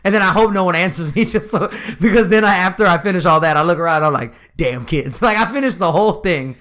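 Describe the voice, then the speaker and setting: Young guy with a highish voice, loose storytelling chat, keeps laughing and cussing. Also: quick pace. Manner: animated storyteller, laughs often, swears freely. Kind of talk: casual chat.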